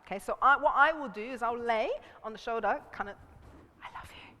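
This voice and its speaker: A woman with a slightly high voice talks fast while leading a relationships seminar. Animated and quick to laugh, she acts out quoted voices, and the seminar room recording has a long hall reverb.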